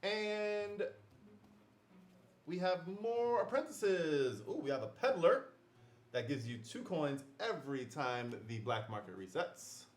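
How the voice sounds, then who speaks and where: A man's voice: fairly high pitch, big pitch swings, slow. Upbeat man hosting a game livestream. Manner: chatty and upbeat, with fillers and laughs. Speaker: livestream host. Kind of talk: casual livestream unboxing chat.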